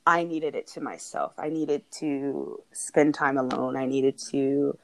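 Low-voiced earnest woman podcaster. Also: measured pace. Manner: earnest and heartfelt, often laughing. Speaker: podcast co-host. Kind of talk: casual podcast conversation.

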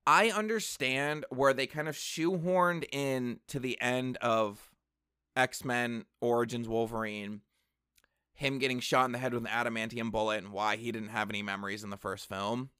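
Rambling excitable male movie reviewer. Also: medium pitch, normal speed, clean tone, no echo, studio quality. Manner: rambling and excitable, full of fillers and asides. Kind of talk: casual film review chat. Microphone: camera mic.

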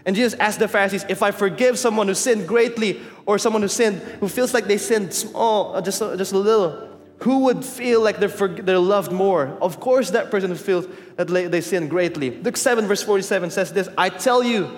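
High-pitched and fairly quick, a Filipino-accented man preaches a sermon centered on a personal story. His delivery is candid and chatty, sprinkled with Tagalog phrases. The hall echoes, and faint music and a crowd are audible.

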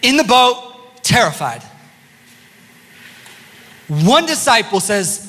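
High-voiced pastor in an echoing hall. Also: male voice, moderate pace. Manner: lively and playful with the congregation. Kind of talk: sermon. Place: church sanctuary. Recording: long church-hall reverb.

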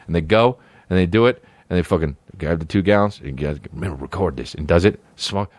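Male podcast comic, lowish voice, rambling profane riffs, dry close sound. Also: fairly quick, no echo. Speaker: comedian podcast host. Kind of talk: casual comedic monologue.

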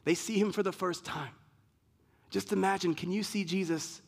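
A man's voice: sits high, fairly even intonation, moderate pace, gravelly, breathy edge. A male pastor preaching an emphatic sermon, building points through repeated lists and restarts. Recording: long reverb of a large hall.

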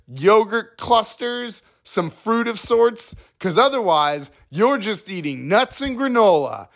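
A man's voice: sits high, creaky, a bit bright, voice pushed up, full character voice. A man putting on an over-eager male ad announcer voice with sing-song mock commercial delivery.

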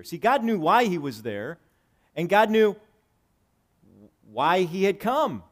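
Male pastor, somewhat high voice, preaches with big swings from loud to hushed, reads scripture and unpacks it plainly. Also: very animated, takes it slowly, pauses often. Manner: dynamic preaching, swinging between loud emphasis and hushed low lines; reads scripture aloud and paraphrases it conversationally. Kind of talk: sermon.

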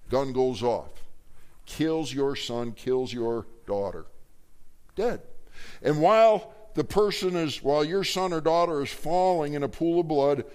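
A man's voice: on the high side, unhurried, clean tone. A middle-aged man teaching a Bible class, telling stories and acting out the voices of the people in them. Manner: animated storytelling, acting out quoted voices.

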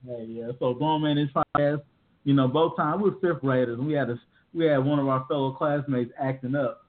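A man in his thirties co-hosting a podcast, telling stories in animated, slangy casual chat. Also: medium pitch, brisk. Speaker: podcast co-host. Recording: tinny phone-like audio.

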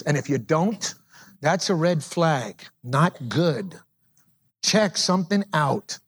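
A middle-aged man preaching a sermon as pastor, moving between loud emphatic declarations and quiet low asides. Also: very animated, unhurried, long pauses, husky.

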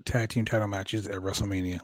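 A man's voice: on the low side, flat delivery, fairly quick, dry recording, studio quality. A man hosting a casual podcast chat, blunt and profane, who often breaks into laughter. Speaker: podcast host.

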